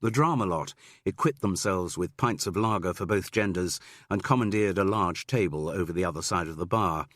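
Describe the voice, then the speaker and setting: Low-voiced male audiobook narrator. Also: normal speed, few pauses, a bit bright, no room sound, studio quality.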